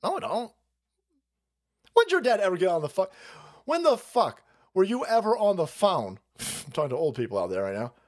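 A man's voice: high voice, big pitch swings, normal speed. A man hosting a live stream, reacting to news clips with mocking, profane commentary and frequent laughter. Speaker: stream host.

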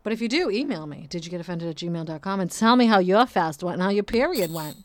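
A woman's voice: fairly low pitch, expressive, quick pace, no echo. A woman hosting a podcast, talking in a blunt, profane, ranting casual monologue. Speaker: podcast host.

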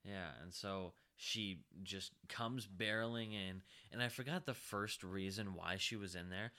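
A man's voice: measured pace, a little hiss or hum. A young man casually telling a story, swearing and mimicking others. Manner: animated, swearing, mimics a shrill woman.

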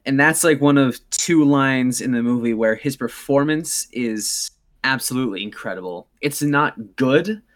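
Slow-talking, dry man. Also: medium pitch. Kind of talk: casual film discussion.

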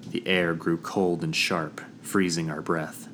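A man narrating a first-person fantasy audiobook in a measured, dramatic storytelling manner. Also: low-pitched, little pitch movement, a bit bright, slight background noise.

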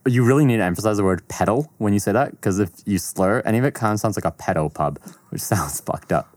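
A man's voice: on the low side, fast, no echo. Male podcast co-host, joking, dry close recording. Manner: joking, animated, does silly voices. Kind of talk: casual chat.

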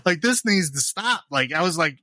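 A man co-hosts a casual podcast with a bright, slightly high voice. He talks about a film in an animated, sarcastic way, with plenty of fillers and laughs. The recording is close and dry. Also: normal speed, dry recording. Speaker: podcast co-host. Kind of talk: casual horror movie chat.

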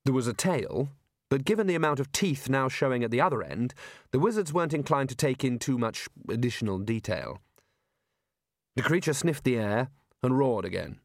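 A man reading an audiobook in a wry, measured storytelling manner. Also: medium pitch, animated, no room sound, studio quality. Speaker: audiobook narrator. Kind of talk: scripted audiobook narration.

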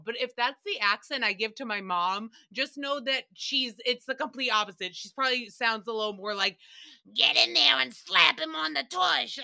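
Bright, animated young woman podcast host. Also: a little high. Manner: animated, swearing, joking, doing quick voices. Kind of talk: casual recap chat.

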